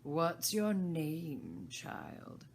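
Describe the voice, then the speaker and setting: A woman voicing a furious, imperious queen in a storybook reading, shouting her orders slowly and severely. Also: deep voice, lively intonation, a little hiss or hum, full character voice.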